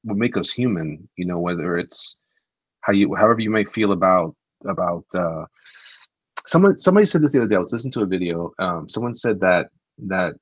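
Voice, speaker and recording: Stream host, lowish husky voice with lively swings, stumbles and restarts, dry sound. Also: male voice, no echo, dull audio. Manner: hesitant, restarts a lot, repeats "listen". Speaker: live-stream host reading chat. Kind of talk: casual live-stream chat.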